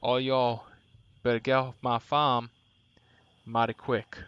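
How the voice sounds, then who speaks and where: A man voicing a rough, hostile hillbilly farmer who drawls threats in a tabletop game, on a dull lo-fi recording. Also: mid-range voice, fairly even intonation, moderate pace, dry recording, lightly acted. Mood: menacing.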